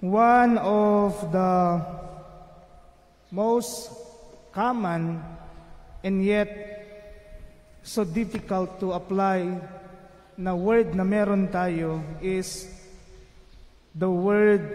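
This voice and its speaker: A Filipino man with a very high voice delivers a homily in a slow, unhurried way, sliding between English and Tagalog. He keeps pausing to check in with his listeners. His words ring out through a large church with a long, echoing reverb. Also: a little mellow. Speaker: priest. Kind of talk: gospel reading and homily.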